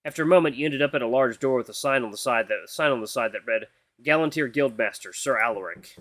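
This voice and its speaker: A man reading a visual novel aloud with playful, animated asides. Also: mid-range voice, very fast, no echo.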